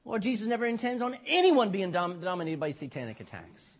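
Male pastor, sermon, high voice, husky, emphatic, peppered with amens. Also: big pitch swings, fairly quick. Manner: emphatic, repeats "amen" and "you know".

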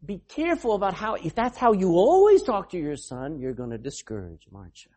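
A man preaching a sermon, calling on members to read and questioning the congregation, sometimes bursting into a shout. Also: sits high, big pitch swings, a little fast. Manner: calls on readers and questions the congregation. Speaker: pastor.

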